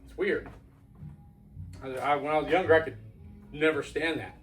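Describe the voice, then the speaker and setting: A man's voice: fairly high pitch, moderate pace, fairly bright tone, recorded from a distance, faint music behind, rough recording. Folksy man reviewing beer outdoors. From Florida. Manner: rambling, folksy, loose. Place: outdoors at night.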